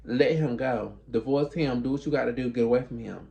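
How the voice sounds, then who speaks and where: A man's voice: mid-range voice, a little fast, creaky, warm tone, dull audio. A man telling a story in a casual monologue, sassy and emphatic, acting out both sides of conversations.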